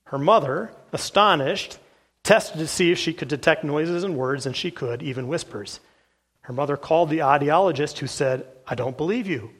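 A man preaching a sermon as pastor, reading case accounts aloud from a book in an earnest, steady way with the odd "uh". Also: a little high, normal speed.

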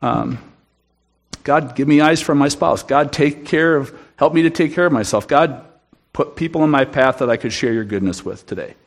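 A man's voice: mid-range voice, moderate pace. A man giving an earnest, emphatic sermon testimony in a church room, often restarting his sentences. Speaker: guest speaker at a church.

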